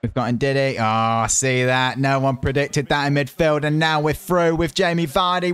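A man from the United Kingdom, a gaming YouTuber, talking over his own football game, with loud excited bursts at near misses and quieter muttering while he plans. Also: fairly high pitch, normal speed, hardly any pauses, clear, resonant tone. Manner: chatty, muttering while planning. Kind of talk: live gameplay commentary.

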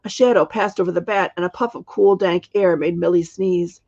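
A woman, the author, reading her storybook aloud in a steady, measured way, in a dull lo-fi recording. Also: fairly low pitch, vocal fry, no room sound.

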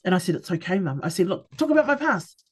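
A woman's voice: on the low side, big pitch swings, husky. Candid middle-aged New woman. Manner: candid, halting storyteller who acts out quoted exchanges. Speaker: podcast guest. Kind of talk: personal testimony in a conversation.

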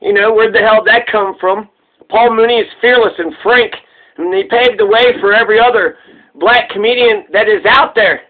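A man's voice: high-pitched, steady tone, normal speed. A man rambling in a casual, profane and joking way while he comments on a comedian. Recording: tinny phone-like sound.

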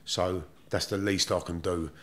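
A man's voice: deep voice, fairly even intonation, unhurried. A middle-aged man with a London accent, telling his story bluntly and with plenty of swearing as a guest in a casual interview.

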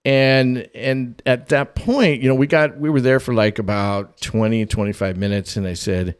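A man hosting a parenting podcast who tells a funny personal story in an animated way, laughing often as he goes. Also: medium pitch, moderate pace, smooth. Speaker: podcast host.

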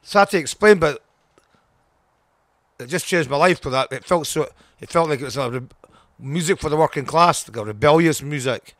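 A man's voice: a little high, moderate pace, pauses often, fairly bright tone, dry recording. An older man with a Scottish accent, a punk singer interviewed as a guest, talking bluntly and swearing a lot as he rambles. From Scotland.

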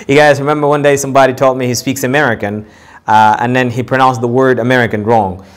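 An English teacher with a Sudanese accent gives a casual pronunciation lesson to camera, speaking briskly in a medium-pitched, fairly even voice. He often repeats words and starts over, with street traffic in the background.

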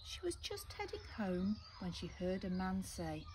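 English teacher, storytime read-aloud, slow and lively, birdsong faintly behind. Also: female voice, medium pitch, a little hiss or hum. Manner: gentle, asks children questions. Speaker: primary school teacher.

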